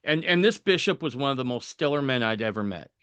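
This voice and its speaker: A mid-pitched man tells a personal story on a podcast in a loose, conversational way. He acts out the people he quotes and laughs at himself along the way. The sound is dry and close to the mic. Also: quick pace, clear, resonant tone, no room sound. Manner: animated anecdote-telling, acting out quoted voices, laughing at himself. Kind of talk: casual storytelling.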